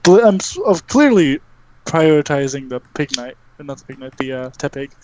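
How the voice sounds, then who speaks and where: A speaker narrating a tabletop game in a halting way with many fillers. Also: medium pitch, lively intonation, a little mellow, slight background noise. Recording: dull lo-fi recording.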